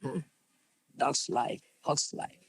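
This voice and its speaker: A man giving a devotional lecture, emphatic and repetitive, often asking listeners whether they understand. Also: takes it slowly. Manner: emphatic, repeats phrases, asks "you understand?", laughs. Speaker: spiritual teacher.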